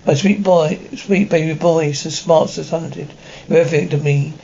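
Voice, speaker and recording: A man's voice: a little high, steady tone, normal speed, gravelly, mellow, highs cut off, a little hiss or hum. A man reading a tender, devoted mother. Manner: tender and pleading. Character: devoted, hard-working single mother.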